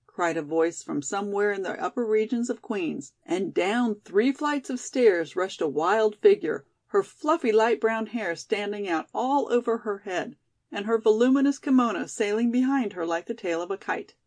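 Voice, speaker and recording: Woman audiobook narrator, mid-pitched, steady and even reading. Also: normal speed. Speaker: audiobook reader. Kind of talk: scripted narration.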